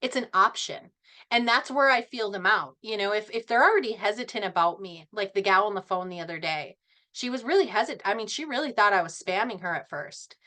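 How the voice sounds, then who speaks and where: A middle-aged woman speaking at a team meeting, animated and passionate, laughing often as she talks. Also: medium pitch, a little fast. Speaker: network marketing team member.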